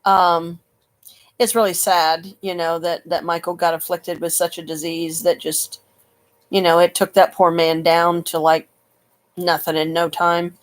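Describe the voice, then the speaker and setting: A woman's voice: lowish voice, little pitch movement, a little slow. A woman chatting in a rambling vlog monologue, laughing often and cursing with folksy slang, recorded on a computer webcam.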